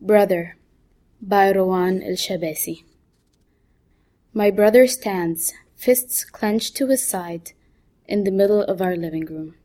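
A woman author reading her own first-person short story aloud in a calm, unhurried manner. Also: medium pitch.

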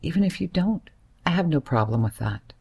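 An earnest young man, hesitant yet serious, speaking softly and soothingly, as a woman narrator voices him. The voice is gravelly and husky, pitched a little higher than her telling. It comes from a spoken storybook. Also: animated, a little fast, heavily acted. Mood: pleading.

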